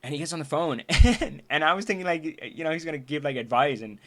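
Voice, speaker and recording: Earnest man streaming, voice going hoarse. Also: a little high, fast talker, pushed and bright. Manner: earnest, reflective, frequent restarts and laughs. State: losing his voice. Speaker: livestream trainer and host. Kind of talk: casual livestream talk to viewers. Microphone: streaming setup.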